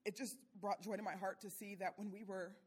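Breathy woman giving a tearful testimony. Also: medium pitch, fairly even intonation, fairly quick. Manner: tearful, laughing between phrases. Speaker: church mission trip speaker. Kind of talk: emotional testimony.

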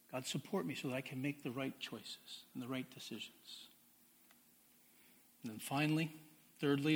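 A man preaching a sermon in a conversational way, reading scripture slowly and with emphasis. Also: fairly high pitch, slightly rough. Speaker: pastor.

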